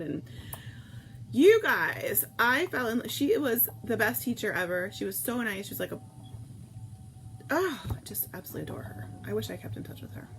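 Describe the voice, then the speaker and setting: A woman hosting a casual morning livestream, rambling warmly about her favorite teachers and reading viewer comments aloud. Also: mid-range voice, very animated, normal speed, a little hiss or hum, rough recording.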